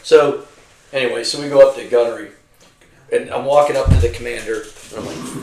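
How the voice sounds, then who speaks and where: A man's voice: medium pitch, brisk, background noise. Profane veteran man spinning war stories. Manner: profane, animated storyteller acting out his comrades' voices. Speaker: retired army veteran telling war stories. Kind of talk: casual storytelling over drinks. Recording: roomy, mic at a distance.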